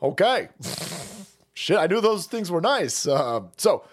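Crude, high-voiced streaming man. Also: big pitch swings, takes it slowly, breathy edge. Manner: crude, mocking, laughs often. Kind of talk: profane ranting commentary.

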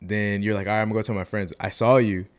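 A young man hosting a casual chat, telling an animated story and acting out the people in it. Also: on the low side, fast, smooth.

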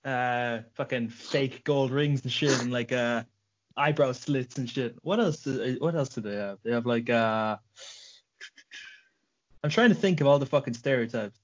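A man's voice: medium pitch, a little slow, highs cut off. A man hosting a casual podcast interview, loose and jokey, swearing freely. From Ireland. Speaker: podcast host.

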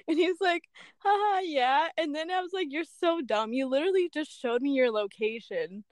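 High-voiced young woman telling a story. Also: a little fast, no echo, clean studio sound. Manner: animated storyteller, heavy use of "like" and "bruh", acts out quotes. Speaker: podcast co-host. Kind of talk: casual storytelling chat.

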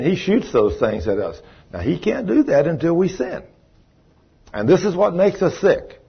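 Folksy preacher man, husky lo-fi sound. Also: medium pitch. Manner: folksy storytelling, rhetorical questions to the audience. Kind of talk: sermon.

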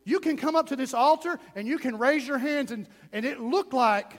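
A man preacher delivering a passionate sermon in a church, swinging between loud emphasis and hushed asides. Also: very high-pitched, moderate pace, big-room sound.

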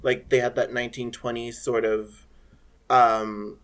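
A man's voice: medium pitch, level tone, unhurried, a bit bright. A man in a casual discussion, talking in an easygoing way and laughing often.

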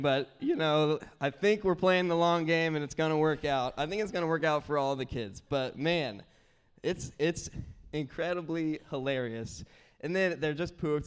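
Young man, pastor, lively storytelling sermon, smooth clear voice, slightly high. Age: young adult. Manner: animated storyteller, acts out kids' voices. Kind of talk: sermon with personal stories.

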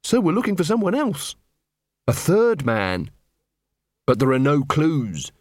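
A man's voice: on the high side, wildly swooping pitch, a little slow, a little mellow, no echo, full character voice. A man voicing an earnest, tired young city watchman who speaks plainly. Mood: weary.

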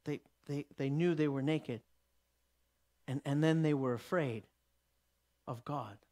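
A man's voice: on the high side, unhurried, darkish tone. A man teaching a sermon emphatically, often restarting his sentences. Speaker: Bible teacher.

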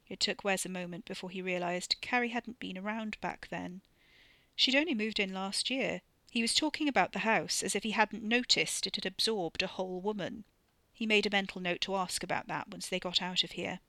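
A woman narrating an audiobook in a steady, measured storytelling voice. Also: medium pitch, no echo. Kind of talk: scripted narration.

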